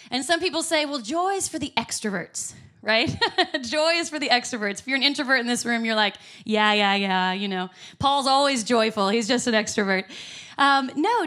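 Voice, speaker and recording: A woman's voice: high-pitched, fairly bright tone. A woman preaching a sermon in church, upbeat and emphatic with frequent laughs. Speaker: pastor.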